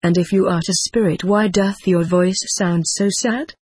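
A reader voicing a gentle, frightened young girl who asks soft, pleading questions, read as an audiobook. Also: medium pitch, steady tone, moderate pace, slightly rough, no room sound, lightly acted. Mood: tender. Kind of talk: audiobook reading.

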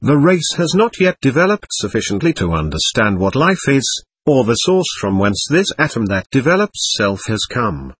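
A man narrating an audiobook in a measured, even reading style. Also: medium pitch, husky, no room sound.

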